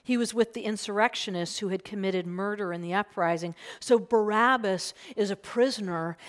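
A woman preaching a sermon, retelling a gospel passage in an earnest voice and dropping to a hushed whisper for emphasis. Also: mid-range voice.

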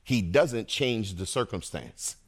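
A middle-aged man preaching a sermon to a congregation, animated and energetic, calling out to the crowd between points. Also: on the low side, takes it slowly. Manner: animated preaching with call-and-response asides. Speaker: pastor.

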